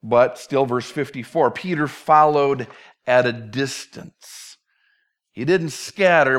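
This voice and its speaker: A male preacher with a fairly high voice teaches a sermon verse by verse. He keeps it conversational and drops in playful acted asides along the way. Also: fairly bright tone. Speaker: pastor.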